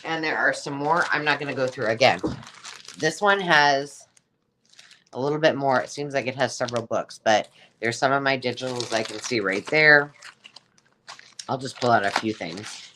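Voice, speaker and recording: A woman's voice: rumbling low, moderate pace, long pauses, pushed and bright, slight background noise. A woman hosting a casual live sale of craft supplies, chatting in a rambling way and exclaiming over each item she pulls out. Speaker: host selling craft supplies.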